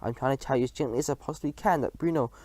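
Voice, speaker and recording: A man reading a storybook aloud, voicing a calm, determined old grandmother who speaks firmly and properly. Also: medium pitch, racing, no room sound, close to an everyday voice.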